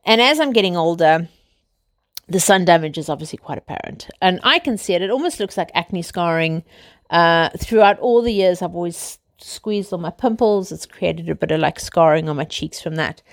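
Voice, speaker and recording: A woman's voice: on the low side, moderate pace. A South African woman in her thirties, chatting casually to her viewers in a rambling way, full of "you know" and "like". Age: 30s. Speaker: vlogger. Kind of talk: casual chat to camera.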